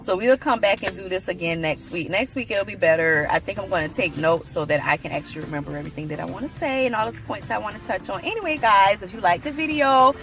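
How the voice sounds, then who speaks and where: A woman's voice: mid-range voice, expressive, fast talker, hardly any pauses, a bit bright, soft background music. A woman vlogger giving casual, opinionated commentary on a reality show, blunt and frank with plenty of swearing.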